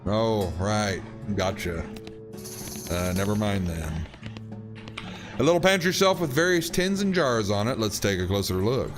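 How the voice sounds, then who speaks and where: A man streaming a game, reading its text aloud and adding wry asides. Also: mid-range voice.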